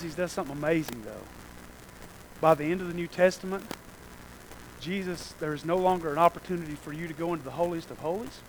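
A man preaching a sermon, swinging from hushed asides to shouted lines and repeating phrases in rhythmic lists. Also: high voice, rough recording. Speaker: pastor.

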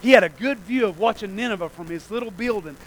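High-voiced preaching man, swinging soft to loud. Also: fast, low-quality recording. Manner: swings from hushed asides to shouted preaching; repeats phrases in rhythmic lists. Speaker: pastor. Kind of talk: sermon.

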